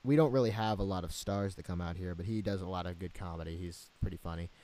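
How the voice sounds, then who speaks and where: A man's voice: deep voice, fast, warm tone. A young man hosting a casual talk show, rambling and joking with lots of fillers and restarts. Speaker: show host. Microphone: new home microphone.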